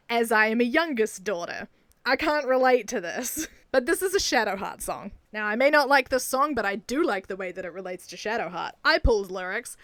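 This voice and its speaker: A young woman with a New Zealand accent talks in a casual video, gushing and laughing often as she goes. Her voice sits fairly high, and the recording is dry and close. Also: no room sound. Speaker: video creator. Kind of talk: casual enthusiastic video commentary.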